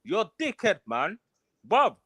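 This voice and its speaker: A man's voice: high voice, huge pitch swings, a little slow, fairly bright tone, breathy edge, no room sound. A man calling into a live online panel, heated and insulting, full of street slang.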